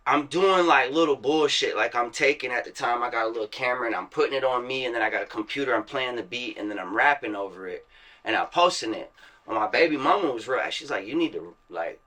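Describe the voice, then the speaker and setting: Bright-voiced rapper man, profane slang. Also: mid-range voice, lively intonation, a little fast. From Virginia and Florida, USA. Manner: profane street slang, acts out quotes. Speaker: interview guest, rapper. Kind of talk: casual storytelling interview.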